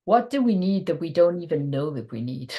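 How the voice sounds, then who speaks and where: A woman's voice: low-pitched, sing-song, a little fast, mellow, dull audio. A woman doing a live card reading for her viewers. She rambles and thinks aloud in a chatty, informal way. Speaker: tarot card reader.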